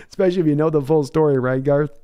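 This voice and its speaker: A man's voice: on the high side, warm tone, clear, resonant tone. A man hosting a sports livestream in a casual, enthusiastic and rambling way, often restarting his words. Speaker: sports podcast host reading live chat.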